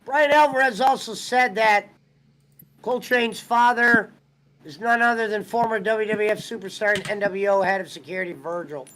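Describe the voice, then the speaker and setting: A man with a strikingly high-pitched voice chats loosely on a live stream. He rambles from story to story and swears freely along the way. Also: normal speed, a bit bright, rough recording. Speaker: streamer host. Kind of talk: casual chat.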